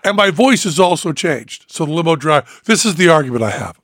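A man's voice: fairly high pitch, big pitch swings, fairly quick, few pauses, a bit bright, dry recording, studio quality. An older man with a sore throat, telling a story in casual chat and acting out the other people's lines. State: sore throat after a procedure. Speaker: podcast host.

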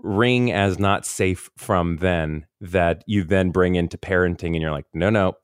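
A man in casual podcast chat, rambling and interrupting himself with quick laughs. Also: low-pitched, smooth, no room sound, clean studio sound. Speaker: podcast co-host.

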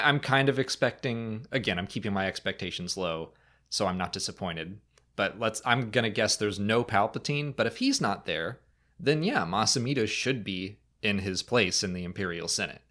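A man co-hosts a casual fan podcast with a somewhat low voice. He answers listener questions at length and breaks into quick, jokey impressions. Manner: animated, jumps into funny impressions. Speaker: podcast co-host.

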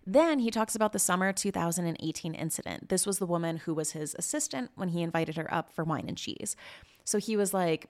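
A woman's voice: fairly low pitch, a little fast. A woman hosting a podcast in casual, indignant and sarcastic commentary, swearing freely. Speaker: podcast host.

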